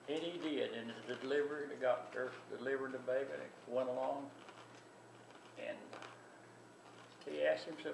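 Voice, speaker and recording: A man's voice: mid-range voice, steady tone, normal speed, vocal fry, long pauses. An older man telling a family story in a rambling, folksy way with many restarts. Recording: distant echoey recording with loud background noise.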